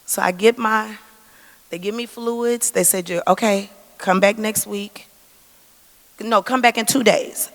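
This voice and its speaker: Slow-spoken woman in a reverberant church. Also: mid-range voice, gravelly, fairly bright tone. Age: 40s. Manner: earnest storytelling, acting out quoted dialogue. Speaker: cancer survivor giving testimony. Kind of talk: church testimony. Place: church sanctuary. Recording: long reverb of a church hall.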